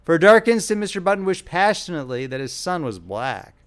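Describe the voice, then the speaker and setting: A male audiobook narrator reading a classic short story with lively, animated intonation. His voice sits fairly high for a man, and his delivery is expressive storytelling. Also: fairly quick, clean tone.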